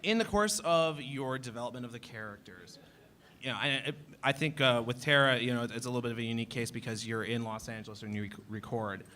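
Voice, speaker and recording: A man's voice: mid-range voice, fast talker, pushed and bright. A man moderating a convention panel, asking rambling, hesitant questions with fillers. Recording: noisy convention hall.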